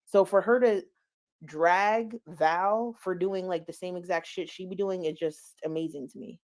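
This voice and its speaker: A woman's voice: fairly low pitch, unhurried, a little mellow. Chatty woman gossiping about streamers. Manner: chatty, gossipy, laughs at own stumbles. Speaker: commentary streamer. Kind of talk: casual drama commentary.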